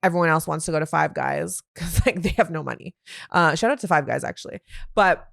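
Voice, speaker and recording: A woman's voice: sits low, gravelly. Opinionated woman podcast host. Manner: animated, opinionated, quick asides and laughs. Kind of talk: solo sports commentary podcast.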